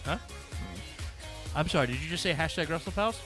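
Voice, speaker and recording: High, lively, excitable man. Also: brisk, over music. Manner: loud, excitable, yelps and laughs often. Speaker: podcast co-host. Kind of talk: casual chat.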